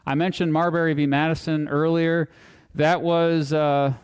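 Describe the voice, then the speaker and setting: A man giving a live public lecture to an audience, casual and animated, joking and making asides as he talks. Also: on the high side, a little slow, clean tone. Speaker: guest speaker. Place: hall, talking to a live audience. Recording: long hall reverb.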